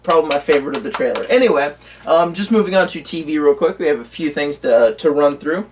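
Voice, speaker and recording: A man with a slightly high voice talks casually as co-host, with plenty of ums and false starts. He sits back from the microphone, so he sounds a little distant. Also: quick pace, a little hiss or hum. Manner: rambling, many fillers and restarts. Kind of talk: casual chat about movie news. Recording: voice from away from the mic.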